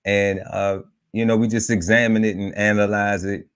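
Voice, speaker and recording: A man with a very low voice opens and steers a live talk show. He talks in a relaxed, informal way, often restarting his sentences. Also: normal speed, smooth. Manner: relaxed, repeats and restarts, leads with set segments. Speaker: podcast host. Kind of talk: casual live podcast hosting.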